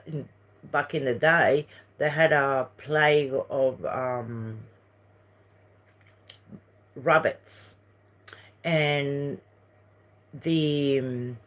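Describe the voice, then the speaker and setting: A woman from Uruguay with a Uruguayan Spanish accent, chatting casually on a livestream, rambling between topics and reading viewer messages. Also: low voice. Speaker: livestream host.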